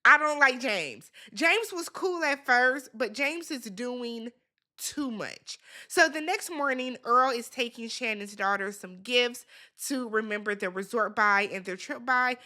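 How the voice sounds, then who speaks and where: At a measured pace, a woman with a slightly high, bright, forceful voice sassily recaps a reality dating show. She laughs, uses filler words, and answers back to the people on screen.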